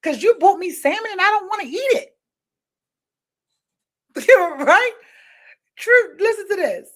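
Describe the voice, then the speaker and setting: A high-pitched woman hosts a candid opinion show. She tells stories animatedly and keeps checking in with her listeners. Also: a little slow. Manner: animated storytelling, frequent rhetorical "right?" and laughter. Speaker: podcast host. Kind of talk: candid opinion talk addressing viewers.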